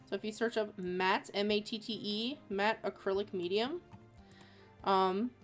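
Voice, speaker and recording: A woman's voice: medium pitch, unhurried. Chatty woman rambling over faint music. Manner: chatty, rambling with many fillers. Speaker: streaming artist. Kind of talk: casual chat while drawing.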